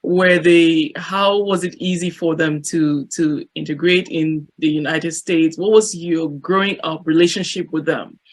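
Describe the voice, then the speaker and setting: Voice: medium pitch, steady tone, unhurried, few pauses. Host asking long strings of questions. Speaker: podcast host. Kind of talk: interview questions.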